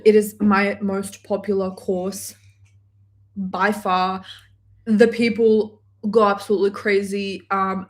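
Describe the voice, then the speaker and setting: A woman manifestation coach on a live stream, reading chat comments aloud in an animated, gushing way and swearing casually from her home workspace. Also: medium pitch.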